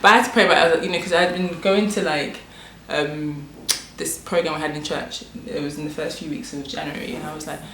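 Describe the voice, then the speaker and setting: A woman with a British accent, chatting casually as host of her own vlog, talkative and quick to laugh. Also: low voice, fairly even intonation, sharp tone, a little hiss or hum. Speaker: vlogger, host. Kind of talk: casual chat. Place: home room. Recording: echoey room.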